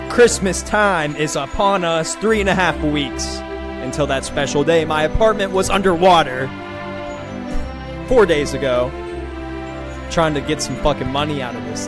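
A man hosting his own podcast, talking in a loose, hyped, profane way. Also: fairly high pitch. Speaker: podcast host. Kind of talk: casual chat.

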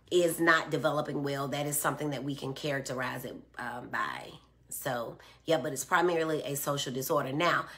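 Speaking into a phone or tablet, a middle-aged live stream host reads out her viewers' comments. She responds patiently with everyday examples, her voice low-pitched and a little bright.

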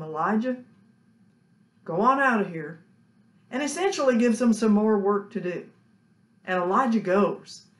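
A woman delivers a sermon at an unhurried pace in a mid-range voice. Her phrases often sink to a quiet close. The church room around her rings with noticeable echo. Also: mid-range voice. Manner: slow, earnest preaching with soft, hushed endings. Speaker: preacher. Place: church sanctuary.

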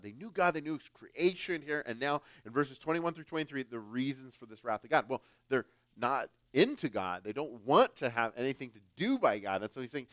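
A male preacher from the United States speaks at a middle pitch, casual and emphatic, pushing some phrases loud and dropping others low. The recording is dry and close, with no room sound. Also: dry recording. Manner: emphatic, conversational, swings louder and softer. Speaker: guest pastor. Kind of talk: sermon.

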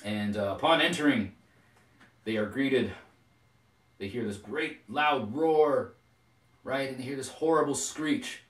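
A man's voice: medium pitch, a little slow, long pauses. Guy telling norse myths loose and rambly, lots of uhs, echoey room, far from mic. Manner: rambling, filler-heavy. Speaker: storyteller. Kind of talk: casual myth retelling. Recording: roomy echo, distant mic.

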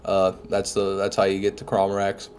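A man's voice: sits low, completely flat delivery, normal speed, a little mellow, a little hiss or hum. A young man streaming a game live, chatting casually with viewers, reading chat aloud and swearing now and then, while sick with a head cold. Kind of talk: casual live gameplay commentary.

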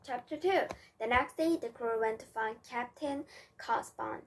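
A woman's voice: on the high side, a little hiss or hum. A woman whose first language is Korean reading an English storybook aloud, carefully and with frequent restarts. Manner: slow, careful, with slips and restarts. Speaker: reader.

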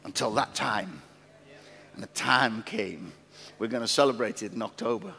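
A middle-aged man preaching a sermon as pastor, telling stories in an animated, repeating way with restarts. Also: lowish voice, normal speed, creaky. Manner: animated, repetitive storytelling with many restarts. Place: large former theatre used as a church. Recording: long reverb of a large hall.

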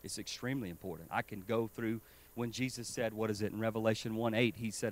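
A man preaching a sermon with urgent emphasis, swinging between loud stresses and quiet asides. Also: on the low side, brisk, no echo. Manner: urgent and emphatic, rising and falling in loudness.

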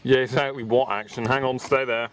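A man's voice: medium pitch, steady tone, fairly quick, a bit bright, a little hiss or hum. Swearing, laughing man filming at outdoor baths. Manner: joking, swearing, laughing often. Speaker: vlogger filming a friend on an inflatable. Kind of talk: casual chat. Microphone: handheld camera mic.

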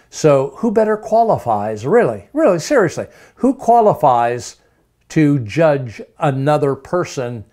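A man's voice: on the high side, a little mellow. A man preaching a sermon, emphatic, piling up rhetorical questions and repeating words for stress.

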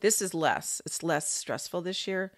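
Low-voiced woman musing aloud. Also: measured pace, no room sound, clean studio sound. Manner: rambling, thinking aloud with fillers and restarts. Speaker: psychic vlogger. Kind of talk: casual monologue.

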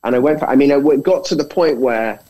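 A man's voice: mid-range voice, fast talker, rough recording. A British man, a film director, telling stories in a casual conversation and acting out the quotes. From Britain. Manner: animated storyteller, acts out quotes.

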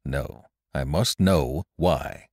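A man's voice: a bass voice, drawn-out words, a little mellow, slightly rough, no room sound, clean studio sound, voice pushed down, heavily acted. A man voicing a severe middle-aged surgeon who speaks bluntly and emphatically. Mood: stern.

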